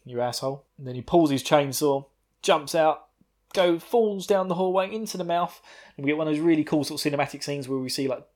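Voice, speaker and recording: A man hosts a podcast and recaps an anime episode in a loose, rambling way. His voice sits a little higher than most men's. He laughs often between lines and drops casual swearing into the chat. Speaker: podcast host.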